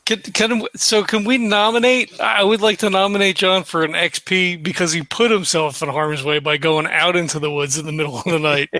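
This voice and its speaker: A man plays a tabletop game with a high, bright voice. He asks the group eager questions. His voice sounds dry and close. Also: steady tone, moderate pace, few pauses, no echo. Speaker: player.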